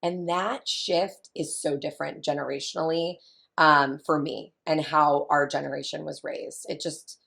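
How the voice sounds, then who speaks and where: A woman's voice: deep voice, fairly even intonation, a little slow, vocal fry, a bit bright. A woman in her thirties, a family consultant, talking in a chatty, emphatic way and repeating her key points as a guest in an interview. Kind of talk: casual interview talk.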